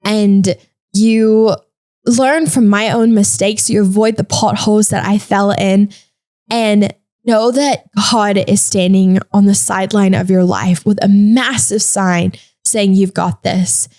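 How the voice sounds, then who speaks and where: A young woman hosting a faith-based podcast, telling a personal story in a chatty, animated way with lots of fillers. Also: medium pitch, slow pace. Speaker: podcast host.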